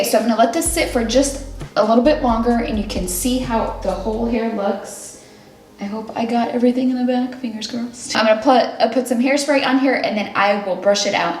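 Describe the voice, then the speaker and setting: A woman's voice: a little high, fairly quick, a little mellow. A woman vlogger chatting casually through a hair tutorial and product review, upbeat and talking through each step. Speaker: beauty vlogger. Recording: echoey room with faint music.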